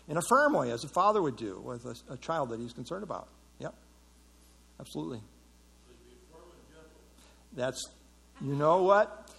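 A middle-aged man teaching a Bible passage in a relaxed, conversational way, with many fillers and restarts. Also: medium pitch, unhurried, vocal fry, long pauses, slightly rough. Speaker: pastor teaching a Bible study.

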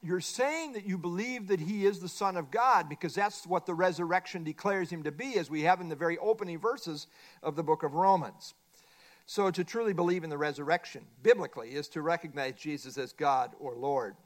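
A middle-aged man leads a Bible study lesson, walking his class through a workbook page by page. His voice sits a little high for a man, and he presses hard on his main points, saying them again and again. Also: a little fast. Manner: emphatic, repeats key points. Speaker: Bible teacher.

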